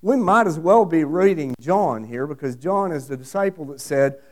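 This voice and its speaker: Middle-aged guy preaching hard, high voice, repeats himself a lot, quizzes the room. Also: lively intonation, normal speed, hardly any pauses, darkish tone. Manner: emphatic preaching with repetition and questions to the congregation. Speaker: pastor. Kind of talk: sermon.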